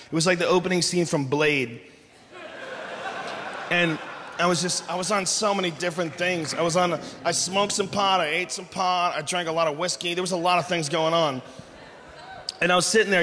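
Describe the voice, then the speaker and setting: Man, stand-up comedian, brash and profane, fairly high voice, echoey live venue, noisy ambience. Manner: loud, often shouting, profane and brash. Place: large live venue on stage.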